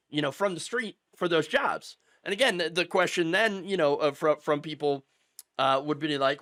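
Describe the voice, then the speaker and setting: A man's voice: high voice, pushed and bright, no echo, studio quality. A man hosting political commentary, talking in a sarcastic, heated and emphatic way. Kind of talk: opinion commentary.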